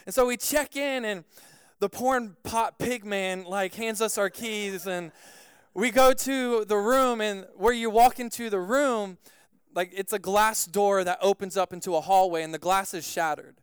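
A man preaching a sermon as pastor, telling a personal story in an animated way with frequent "like" fillers. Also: sits high, a little slow, clear, resonant tone, no echo, clean studio sound.

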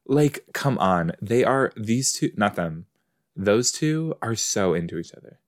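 With a fairly low, expressive voice and a slightly slow pace, a man hosts a podcast watch-along, casually chatting and answering back to the screen as the episode plays.

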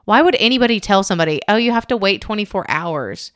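A woman's voice: mid-range voice, animated, quick pace, fairly bright tone. A woman podcast co-host chatting casually, telling stories animatedly with squeals and laughs. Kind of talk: casual chat.

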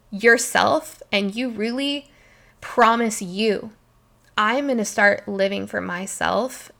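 A woman's voice: a little high, fairly bright tone. A young woman hosting a solo podcast, talking in an emphatic, emotional way and swearing freely. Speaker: podcast host. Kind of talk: passionate solo podcast talk.

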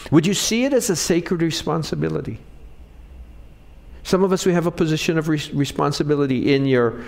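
A pastor preaching a sermon, animated, with frequent restarts and rhetorical questions to the congregation. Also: male voice, on the high side.

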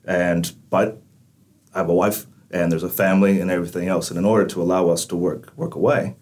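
A man's voice: sits low, steady tone, fairly quick, darkish tone. A man in his forties from Texas with a Texan accent, chatting easily as a guest in a podcast interview. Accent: Texan with a slight Irish-like lilt. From Texas, USA. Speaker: mining company managing director, guest.

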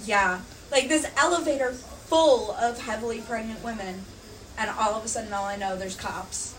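A woman's voice: a little high, normal speed. Young woman guest telling stories, kinda far from the mic, a bit of hiss behind. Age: young adult. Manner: animated storytelling, filler "um" and "like". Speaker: podcast guest. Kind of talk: casual chat. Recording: distant mic, faint background noise.

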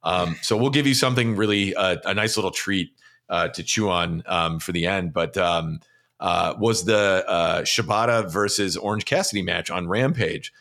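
A man with a very low but bright voice speaks casually as a podcast host, moving to the next topic with plenty of ums. He sounds relaxed and unhurried. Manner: relaxed segment wrap-up, many ums. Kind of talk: casual chat.

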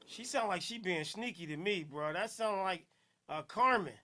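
A man from Newark with a New Jersey accent, hosting a casual podcast, loud and playful, laughing often and shouting out listeners. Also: high voice, lively intonation, moderate pace. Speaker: podcast host.

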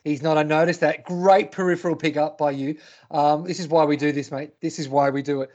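Aussie guy with a high voice, banter and mock outrage, podcast audio a bit dull. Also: steady tone, a little fast, darkish tone. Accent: Australian. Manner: joking, mock-indignant banter. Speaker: podcast co-host. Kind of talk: casual sports chat.

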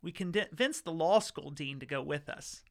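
A man's voice: on the high side, moderate pace, vocal fry. A man, a guest in an interview, telling casual stories in a chatty way, acting out quotes with lots of fillers and restarts. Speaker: interview guest recounting law school. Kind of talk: casual storytelling.

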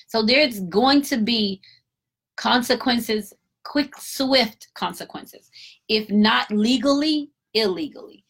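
A woman giving an emphatic, animated casual commentary, a parent talking in her own voice. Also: on the high side, takes it slowly, vocal fry, breathy edge. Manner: emphatic, animated storytelling with acted-out quotes.

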